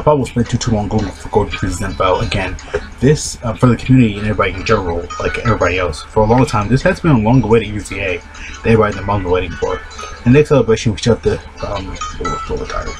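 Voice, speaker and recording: Groggy man rambling over background music. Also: on the low side. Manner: rambling, repeats "of course" and "though" constantly. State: groggy, just woke up, low morning voice. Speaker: mobile game YouTuber. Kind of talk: casual rambling video talk.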